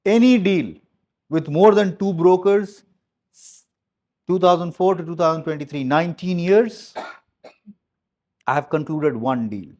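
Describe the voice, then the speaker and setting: A man's voice: a little high, a little slow, pauses often, a little mellow, lo-fi sound. A man giving a motivational talk to his team as their business coach. He speaks emphatically, repeats key phrases and is blunt, with some mild swearing.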